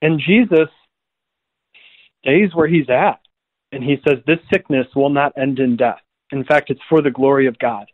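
A man, a priest, telling a scripture story in a lively conversational way and acting out the people he quotes. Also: mid-range voice, moderate pace, long pauses, no room sound. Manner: animated storytelling, acts out quoted voices. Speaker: priest guest. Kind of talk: conversational radio talk on faith. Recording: tinny phone line, dry.

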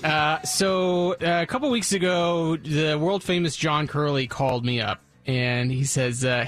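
A man's voice: on the high side, normal speed, hardly any pauses, a bit bright. A man hosting a radio show, telling a long self-deprecating story in casual banter. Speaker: radio host.

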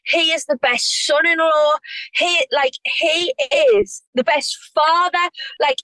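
A woman's voice: sits high, steady tone, slow, bright, forceful tone, no room sound, poor audio. A woman, talking in a gushing, effusive way full of restarts. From North East England. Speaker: reality TV star guest. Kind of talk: casual chat.

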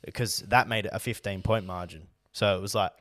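A man's voice: on the low side, fairly even intonation, a little fast, a bit bright, dry recording, studio quality. A young Australian man co-hosting a podcast, blunt and slangy in casual banter. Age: young adult. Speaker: podcast co-host.

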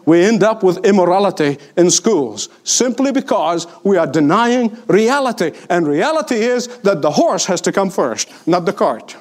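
A man's voice: high voice, sing-song, normal speed, hardly any pauses. An older man preaching a sermon, emphatic and repeating his points for weight. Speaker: pastor.

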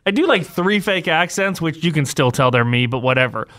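A stuffy, nasal man co-hosts a casual podcast and tells his stories with plenty of laughs. His voice sits high and bright, and it leaps around with lively energy. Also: a little fast. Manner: animated, laughing storyteller. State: stuffy nose. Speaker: radio co-host.

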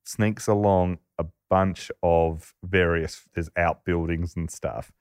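A man casually telling a true story to a co-host, animated and laughing often. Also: sits low, takes it slowly, clean tone, no echo, studio quality.

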